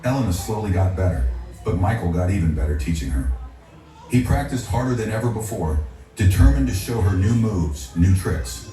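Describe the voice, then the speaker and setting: A man narrating a scripted story in a steady, dramatic way. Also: lowish voice, moderate pace. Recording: echoey, distant, faint music.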